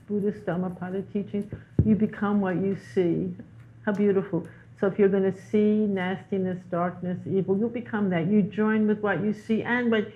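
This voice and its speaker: Woman guest, animated storyteller, mid-range voice, heard through a phone-like line. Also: medium pitch. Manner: animated storyteller, repeats words for emphasis. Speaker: guest teacher. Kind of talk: spiritual conversation.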